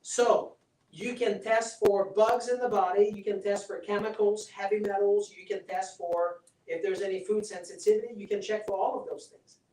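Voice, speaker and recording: A man's voice: high voice, fairly even intonation, moderate pace, dark tone, slight background noise. A man giving a live health seminar, persuasive and chatty, often checking in with the audience. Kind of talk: live seminar talk with demonstration. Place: seminar room. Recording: roomy sound from a distant mic.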